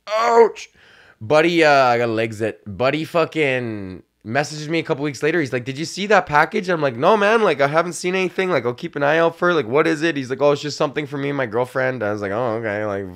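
A man's voice: mid-range voice, fairly bright tone. A young man from Canada hosting a comedy podcast, telling a rambling, profane story, laughing often and acting out the other people in it. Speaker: podcast host. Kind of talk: casual comedic rant.

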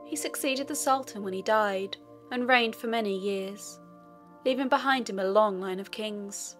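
A woman narrating a fairy tale audiobook in an even, measured storytelling manner. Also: medium pitch. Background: faint music.

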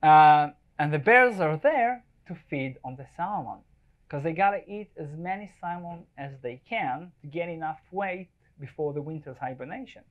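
A man's voice: fairly high pitch, lively intonation, normal speed. Chatty male photographer giving a talk. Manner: chatty, jokey, checks in with the audience. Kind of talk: live presentation with slides. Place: event space before a live audience.

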